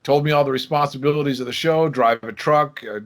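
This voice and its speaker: A man's voice: mid-range voice, a little fast. A man in his sixties telling stories casually as a podcast guest, acting out the dialogue of the people in them. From Michigan, USA. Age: 60s. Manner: lively storyteller who acts out quoted dialogue. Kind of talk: casual interview storytelling.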